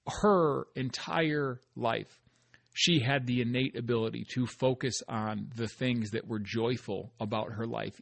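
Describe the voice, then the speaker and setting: An earnest middle-aged man hosting a solo podcast, speaking in an encouraging, heartfelt way in a medium-pitched voice. He repeats short phrases for emphasis. The sound is close and dry, with no room echo. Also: creaky. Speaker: podcast host. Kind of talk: solo motivational podcast talk.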